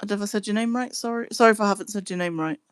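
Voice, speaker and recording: A young woman chatting casually on a live stream, answering her chat in a relaxed way. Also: mid-range voice, very fast, clear, resonant tone, dry recording. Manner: chatty, giggly, breaks into laughing fits.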